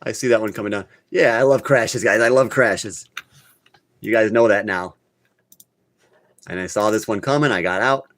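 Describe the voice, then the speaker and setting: A man's voice: lowish voice, moderate pace, long pauses, fairly bright tone, no echo. A man hosting a live crypto talk stream, talking casually and bluntly, getting worked up and scolding his viewers. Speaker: crypto channel host.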